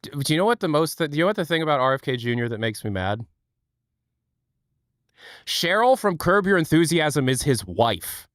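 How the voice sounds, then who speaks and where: A man's voice: on the high side, very animated, normal speed, pauses often, a bit bright, no room sound, clean studio sound. A man hosting a livestream from home, chatting casually, joking, swearing and laughing often. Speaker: livestream host. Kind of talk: casual chat.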